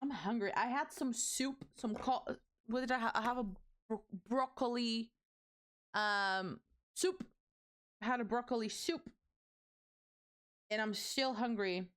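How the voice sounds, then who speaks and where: Her pitch sits fairly high as she talks through a live-stream build at a measured pace, pausing often. She's a chatty, rambling young woman, a self-proclaimed yapper, addressing her chat casually with a slightly strained voice.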